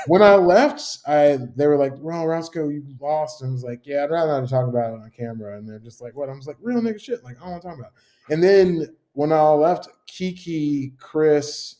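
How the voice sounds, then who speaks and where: A man's voice: fairly high pitch, fairly quick, warm tone. A man talking as a chef guest on a podcast, telling stories casually, swearing a lot and acting out what others said. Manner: profane, storytelling, acts out quotes. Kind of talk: casual chat.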